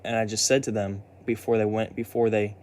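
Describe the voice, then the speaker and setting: Halting, upset young man telling a story. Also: on the low side, level tone, a little mellow. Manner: halting, many restarts and repeats, upset, swears. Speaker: vlogger. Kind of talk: casual personal storytelling.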